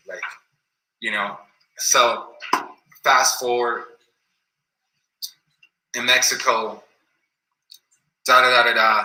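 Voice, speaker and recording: A man's voice: medium pitch, fairly even intonation, slow, long pauses, sharp tone. A man telling a story in a casual, rambling way, full of slang and repeated phrases, in an echoey room.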